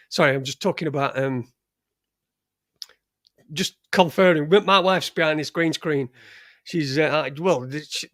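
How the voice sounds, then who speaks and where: A man's voice: on the high side, fairly bright tone, dry recording. Middle-aged yorkshire bloke rambling on his stream, swears a lot, dry close sound. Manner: rambling, crude and joking. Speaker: livestream host. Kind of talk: casual livestream chat. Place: home studio in front of a green screen.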